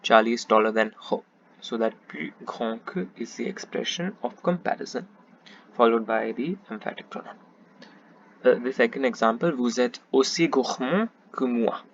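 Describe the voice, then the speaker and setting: A man's voice: medium pitch, lively intonation, normal speed, gravelly. Man, patient grammar tutor, slightly muffled, faint hiss behind. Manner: patient, methodical, repeats each example in French then English. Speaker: French tutor. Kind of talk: explanatory grammar lesson.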